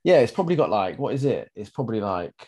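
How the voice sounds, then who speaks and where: A man's voice: fairly low pitch, sing-song, quick pace, warm tone, breathy edge, dry recording, studio quality. A man who sounds nasal from being ill, co-hosting a podcast in a resigned, laid-back way with casual swearing. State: ill with a cold-like virus. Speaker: podcast co-host. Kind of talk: casual chat.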